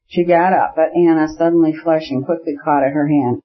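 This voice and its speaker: A man narrating a classic novel in an audiobook, with a measured, even reading. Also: fairly high pitch. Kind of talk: scripted narration. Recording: dull lo-fi audiobook recording.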